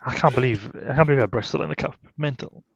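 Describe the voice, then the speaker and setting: A mid-range, gravelly male voice with a breathy edge races along as he co-hosts a football podcast. He rambles casually and chattily, leaning heavily on "like," fillers, and tag questions. The recording sounds slightly dull and lo-fi.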